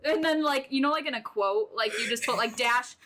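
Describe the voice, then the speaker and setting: A young woman co-hosting a casual podcast, excitable and jokey, swearing freely as she chats. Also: fairly high pitch, fairly quick. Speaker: podcast co-host. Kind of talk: casual chat.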